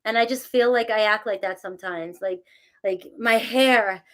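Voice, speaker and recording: A woman's voice: medium pitch, moderate pace, fairly bright tone. A middle-aged woman chatting casually with her live viewers, self-mocking, laughing often and thanking them by name. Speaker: tarot reader talking to live chat. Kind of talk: casual live-stream chat.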